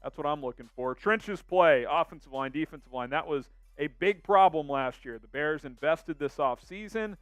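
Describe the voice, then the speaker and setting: A man's voice: on the high side, normal speed, hardly any pauses, dry recording, soft background music. Upbeat male live-stream host, dry close sound. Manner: upbeat, reads viewer comments aloud. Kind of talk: casual live-stream chat.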